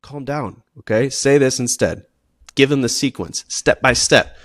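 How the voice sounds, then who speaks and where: A man's voice: medium pitch, a little slow, dry recording. Emphatic PE teacher man, very dry sound. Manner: emphatic, checks in with frequent "okay?"; animated, acts out students and teachers. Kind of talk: presenting teaching tips.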